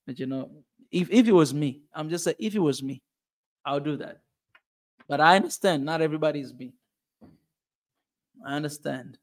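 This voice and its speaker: A man's voice: on the high side, normal speed, pauses often. A man with a Tanzanian accent giving a passionate, emphatic opinion monologue as a channel host. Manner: passionate and emphatic, repeats points.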